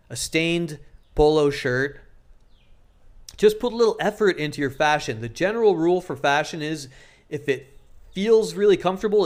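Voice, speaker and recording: A man giving casual dating advice to camera, joking and crude, often acting out what people say. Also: a little high. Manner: joking, crude, acts out quoted lines in exaggerated voices. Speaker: dating coach.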